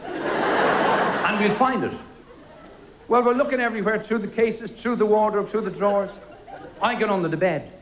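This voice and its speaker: A man with an Irish accent doing a stand-up comedy routine, deadpan, with quick quoted exchanges. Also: high-pitched. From Ireland. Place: television studio stage before a live audience. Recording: loud audience laughter and noise. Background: audience laughing.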